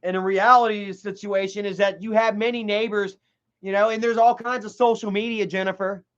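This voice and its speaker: A man's voice: high-pitched, fairly even intonation, a little fast, highs cut off. A man streaming and retelling a story in a heated way, with lots of swearing and repetition. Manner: heated, swears a lot, repeats himself. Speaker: livestreamer. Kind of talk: rambling profane storytelling commentary.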